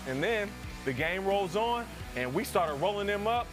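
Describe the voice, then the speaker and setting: Animated high-voiced man telling a story. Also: moderate pace, faint music behind. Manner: lively storyteller, acts out quotes in a higher heckler voice. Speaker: sports show co-host, former pro football player.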